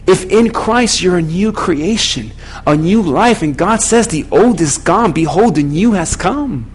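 A pastor with a high, light voice delivering a sermon. He speaks directly to his congregation and keeps throwing questions at them. His pitch sits well above most men's. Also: rough recording.

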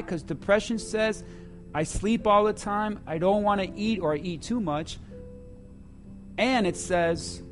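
A man preaching a sermon to his church, swinging between loud emphasis and hushed asides. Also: high-pitched. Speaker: pastor.

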